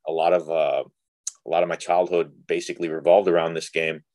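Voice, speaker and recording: A young man from Texas with a deep, low voice tells a story in a loose, casual way, packing his sentences with fillers. He acts out the people he quotes as he goes. The sound is dry and close. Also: a little fast, no room sound. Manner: animated, filler-heavy, acts out quoted dialogue. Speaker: guest.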